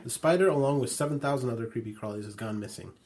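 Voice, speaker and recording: A man's voice: mid-range voice, racing, darkish tone, slight background noise. A young man co-hosting a podcast, reading news items aloud and joking with friends in casual chat.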